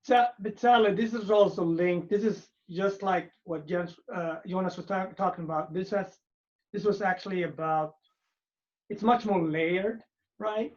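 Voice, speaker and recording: A man's voice: high-pitched, a little slow. A man who grew up in Sweden, explaining points on a virtual panel over a video call and often checking in with "right?". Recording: muffled video call audio.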